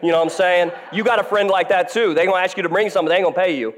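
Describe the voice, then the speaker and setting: A man's voice: sits high, very fast. A man in his thirties preaching a sermon as pastor, playful and joking with the congregation. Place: church hall. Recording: long hall reverb.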